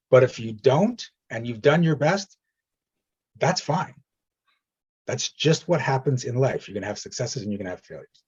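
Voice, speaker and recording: Guy coaching over a video call, husky voice, kinda muffled audio, straight-talking. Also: mid-range voice, sing-song, moderate pace. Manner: direct, reassuring, retells stories with quoted voices. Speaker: energy healing coach. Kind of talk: coaching session.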